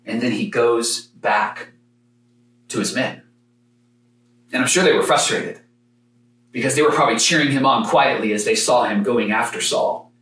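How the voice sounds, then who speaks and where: A man preaching a sermon, telling a story with dramatic pauses and sometimes rising to a shout. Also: mid-range voice, echoey room, far from the mic, low-quality recording. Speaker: pastor.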